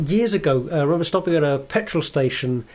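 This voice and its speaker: A man's voice: on the high side, animated, fast, a little mellow. Dry, thoughtful man. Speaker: podcast co-host. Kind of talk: casual chat.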